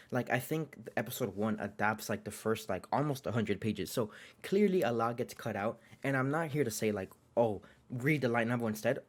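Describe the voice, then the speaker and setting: Young man, mid-pitched, chatty reviewer, lots of likes and restarts, excitable jokey asides. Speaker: anime reviewer. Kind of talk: casual video review.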